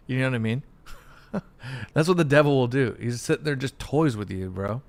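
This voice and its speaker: A man's voice: medium pitch, a little fast, clear, resonant tone, dry recording. A man streaming a video game, rambling casually and calling listeners dude and bro. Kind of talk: casual gameplay commentary.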